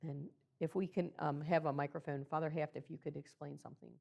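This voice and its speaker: A woman presenting to clergy, speaking earnestly and personally, with frequent pauses and ums. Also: deep voice, fairly even intonation, gravelly, darkish tone. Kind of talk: talk to clergy about baby loss. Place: meeting room.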